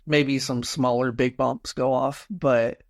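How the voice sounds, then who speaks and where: A man's voice: mid-range voice, little pitch movement, takes it slowly. Man, podcast co-host, casual musing talk, mid-range voice. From United States. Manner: musing, rhetorical "right?" tags. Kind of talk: casual discussion.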